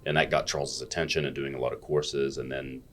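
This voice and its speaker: American man, extremely deep voice, blunt storyteller who swears a lot, casual podcast chat. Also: flat delivery, quick pace. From United States. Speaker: guest, fitness educator.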